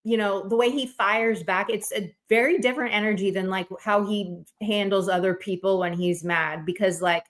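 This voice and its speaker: A woman's voice: medium pitch, fairly even intonation, normal speed, hardly any pauses. A woman chatting casually on a livestream, rambling with lots of fillers and bursts of laughter.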